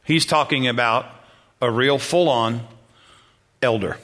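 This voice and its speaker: Bright-voiced male pastor preaching. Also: medium pitch, unhurried. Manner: conversational preaching, many repeats and "okay?" checks. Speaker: senior pastor. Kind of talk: sermon.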